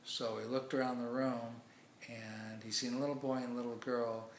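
A man's voice: medium pitch, little pitch movement, moderate pace, a little hiss or hum. A man preaching, telling a story as a sermon illustration in a rambling way with many restarts. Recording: echoey room.

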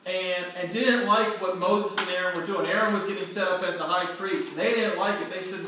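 A man retells a scripture story with lively, animated delivery and questions to the group. His voice is a bit higher than most men's. The room echoes heavily and the mic sits far off, with faint noise behind. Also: moderate pace, few pauses. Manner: animated, acts out scenes, quizzes listeners. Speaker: Bible teacher. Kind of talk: storytelling Bible lesson.

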